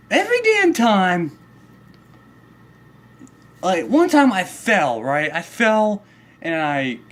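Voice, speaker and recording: A man's voice: a little high, a bit bright. A man telling a story in a comedic angry rant, profane and worked up, rambling along with restarts. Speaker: vlogger.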